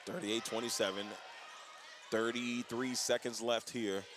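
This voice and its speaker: A man's voice: mid-range voice, steady tone, unhurried, background noise. Man calling a basketball game live. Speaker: play-by-play radio commentator. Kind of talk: live radio basketball commentary.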